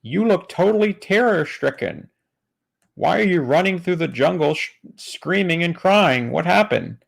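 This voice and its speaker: Brief: bright, chirpy folksy hero, a man doing the voice, gravelly edge. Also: fairly high pitch, animated, unhurried, voice pushed up, heavily acted. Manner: chirpy, raised sing-song delivery. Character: cheery folksy male storyteller hero.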